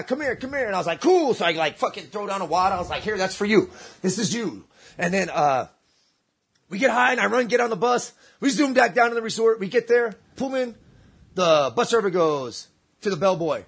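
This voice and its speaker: Animated man telling a wild story. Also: high-pitched, creaky, breathy edge. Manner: animated, swearing, acts out voices in his stories. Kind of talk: casual storytelling among friends.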